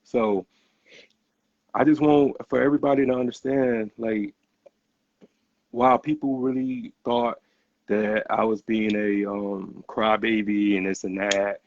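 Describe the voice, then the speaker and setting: Earnest halting man with gravelly voice. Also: fairly low pitch, level tone, dry recording. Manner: earnest, halting, repeats words as he starts. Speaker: podcast host. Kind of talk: casual conversation. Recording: dull, muffled podcast audio.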